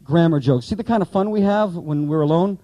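Male pastor-teacher, Bible class lecture, asks the room questions, dry close sound, mellow slightly high voice. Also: brisk, no room sound, rough recording. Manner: explanatory, rhetorical questions, asides to class.

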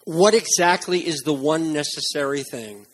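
A man preaching a sermon, earnest and emphatic, dropping into softer reflective passages. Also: fairly high pitch, moderate pace, husky. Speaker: pastor.

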